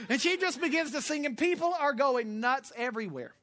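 Animated male preacher telling a story. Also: very high voice, brisk, hardly any pauses, no echo. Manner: animated storytelling, swings from loud to hushed. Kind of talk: sermon.

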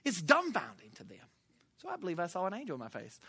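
Male preacher, animated sermon storyteller, bright and lively pitch, dry close sound. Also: fast, slightly rough, dry recording. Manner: animated storytelling, swings from loud to hushed.

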